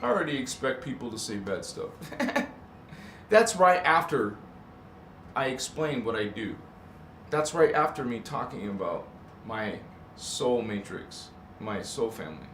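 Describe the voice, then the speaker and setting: A man's voice: mid-range voice, very animated, unhurried, a bit bright. A man hosting a casual spiritual live stream, rambling and emphatic, correcting himself as he goes and chuckling between thoughts. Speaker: livestream host. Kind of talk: casual spiritual livestream talk. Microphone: desk microphone. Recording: echoey room, faint hiss.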